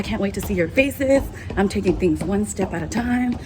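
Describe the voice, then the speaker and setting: Emceeing a live award ceremony at a venue with an audience, a young woman plays to the crowd, bubbly, playful and hyped as she talks straight to them. Her medium-pitched voice is expressive, with a moderate pace and hardly any pauses. The background is noisy.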